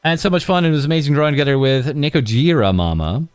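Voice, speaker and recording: A man's voice: a little high, very animated, racing, no echo, faint music behind. A man casually commenting over clips as host of a news show, rambling with many uhs. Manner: rambling, full of uhs and laughs.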